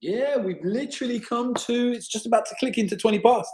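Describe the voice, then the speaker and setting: A man on a video call, speaking in a friendly, informal way. His voice is high and his pace brisk, with a mellow, soft-edged tone. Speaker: session organizer. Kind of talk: casual thanks on a call.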